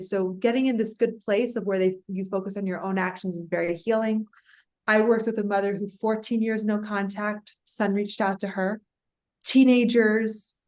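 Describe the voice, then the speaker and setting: A woman speaking as a guest on a podcast. She tells client stories with energy and slips into their voices when she quotes them. Her pitch sits in the middle range for a woman. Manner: animated storytelling, acts out clients' voices. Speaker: parental alienation coach.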